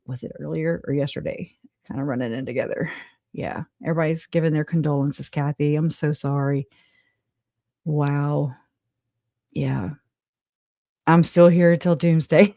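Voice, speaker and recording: A woman's voice: low voice, darkish tone, dry recording, studio quality. A woman hosting a casual live stream, chatting loosely with viewers, laughing often and swearing casually. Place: home.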